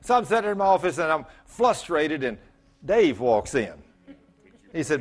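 A middle-aged man preaching a sermon as pastor, telling stories with self-mocking humor and rising to loud emphatic bursts. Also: on the high side, big pitch swings, moderate pace.

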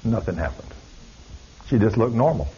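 A man's voice: fairly low pitch, lively intonation, moderate pace, dark tone, husky. A man preaching, telling a story in a folksy, dramatic way. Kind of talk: sermon storytelling. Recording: dull lo-fi recording.

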